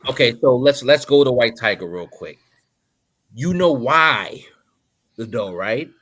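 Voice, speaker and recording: A man's voice: mid-range voice, animated, slow pace, fairly bright tone, no echo. A man co-hosting a podcast, explaining points in an emphatic, casual way. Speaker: podcast co-host. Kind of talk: casual chat.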